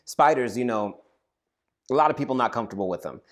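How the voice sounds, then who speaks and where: Man, thirties, storytelling vlogger, lively swooping pitch, animated delivery, acts out shouts. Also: fast. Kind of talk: casual comedic storytelling.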